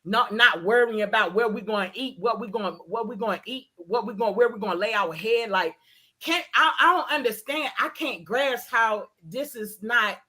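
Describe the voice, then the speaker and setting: A woman's voice: a little high, normal speed, sharp tone. A woman hosting a casual talk, ranting in a heated, emphatic way and repeating her points. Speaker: host. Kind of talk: casual chat.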